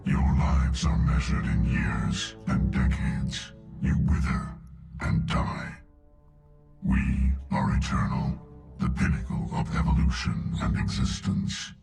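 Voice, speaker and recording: An actor playing an ancient, arrogant male machine overlord in a video game, speaking in slow, ominous pronouncements through a heavy echo effect. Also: huge pitch swings, music in the background, full character voice. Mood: menacing. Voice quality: deep gravelly reverberating voice.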